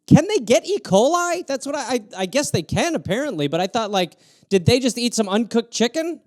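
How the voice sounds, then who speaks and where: On a livestream, a comedian host with a fairly high voice does a solo improvised riff on viewer prompts, sarcastic and animated, jumping between rants and quick mock asides. The sound is dry and close, with no room around him and no echo.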